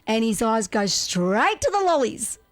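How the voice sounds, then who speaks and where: A woman hosting live radio, chatty and quick to laugh as she reads out listener greetings. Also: fairly high pitch, big pitch swings, no room sound. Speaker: radio host. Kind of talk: casual radio chat.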